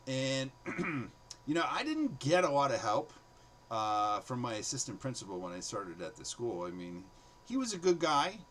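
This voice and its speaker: A man's voice: medium pitch, normal speed, low-quality recording. Guy telling old school stories, voice going up and down a lot, bit of hiss. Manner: animated, acts out students' voices in quotes. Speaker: former teacher telling stories. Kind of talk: casual storytelling monologue.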